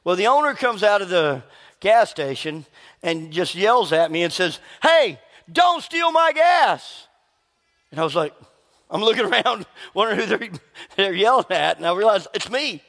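Male pastor, high tenor register, lively storytelling sermon, big reverberant hall sound. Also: moderate pace, vocal fry. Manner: animated storytelling, acts out quoted voices.

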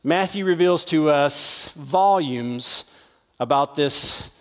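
High-voiced pastor in a reverberant hall. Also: male voice, slow pace. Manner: conversational, repeats words, dramatizes. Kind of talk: sermon.

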